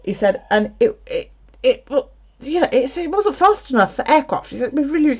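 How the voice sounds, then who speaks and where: A woman's voice: medium pitch, sing-song, a little fast, darkish tone, slightly rough. A woman streaming from home, chatting casually and telling a story with plenty of swearing. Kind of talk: casual livestream chat. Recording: slightly dull lo-fi audio.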